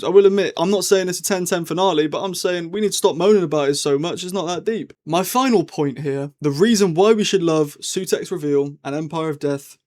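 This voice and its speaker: Fast-talking cheeky young man. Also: fairly high pitch, darkish tone. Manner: cheeky, slangy, mock-defiant. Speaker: vlogger. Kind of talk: casual opinion ramble.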